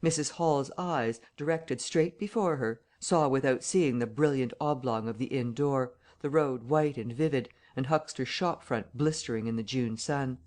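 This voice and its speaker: A man reading a classic novel aloud as audiobook narration, measured and steady. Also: medium pitch.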